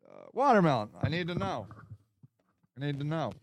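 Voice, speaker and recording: A man's voice: on the high side, very animated, normal speed. A man hosting a casual solo podcast, reading viewer comments aloud in a rambling, sarcastic way. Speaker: podcast host.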